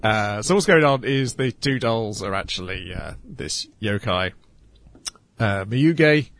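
A man's voice: lowish voice, lively intonation, takes it slowly, a bit bright. A man co-hosting a casual podcast, talking in a hesitant, wry way with many fillers. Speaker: podcast co-host. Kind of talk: casual chat reviewing anime.

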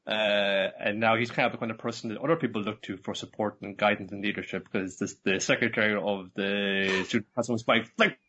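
A man's voice: on the low side, a little fast, hardly any pauses, slight background noise. A man co-hosting a podcast, talking casually about an anime and acting out characters' lines. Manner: relaxed, acts out characters' lines. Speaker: podcast co-host. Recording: slightly dull lo-fi recording.

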